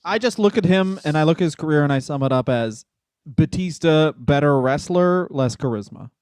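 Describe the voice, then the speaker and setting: A comedian co-hosting a podcast, chatting loosely and breaking into laughs between jokes. He speaks a bit high for a man, close and dry on the mic. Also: expressive, normal speed, darkish tone, no room sound. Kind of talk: casual comedic chat.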